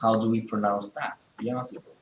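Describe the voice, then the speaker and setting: A man's voice: lowish voice, flat delivery, a little fast, reverberant, dull audio, slight background noise. A man teaching English in a classroom, explaining things step by step and checking in with many okays. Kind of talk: classroom lesson.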